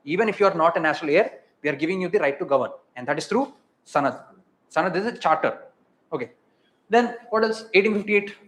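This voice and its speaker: A man with an Indian English accent giving an exam revision lecture, asking the class quick questions and repeating key terms. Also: on the high side, expressive, a bit bright. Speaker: teacher.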